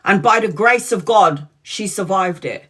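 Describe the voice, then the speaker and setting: A woman's voice: mid-range voice, expressive, unhurried, fairly bright tone, slightly rough. A woman in her forties, a tarot reader hosting a live stream, talking frankly and chattily, swearing freely and calling out viewers by name. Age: 40s. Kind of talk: casual live-stream chat.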